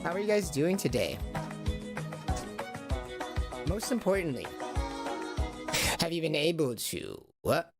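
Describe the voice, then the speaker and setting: A man with a rough, gravelly voice leads a guided body-awareness session. He talks playfully and keeps asking listeners to repeat lines after him. Music plays clearly behind him. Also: fairly high pitch, sing-song, slow pace, long pauses. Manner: playful, repetitive call-and-response. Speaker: host of a body-awareness stream.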